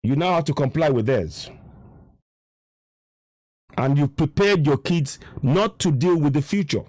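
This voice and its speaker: A man's voice: a little high, measured pace, a little mellow, no echo. A Nigerian man with a Yoruba-tinged accent, giving a frustrated, impassioned political monologue and repeating himself for emphasis. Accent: Nigerian English, Yoruba. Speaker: online commentator.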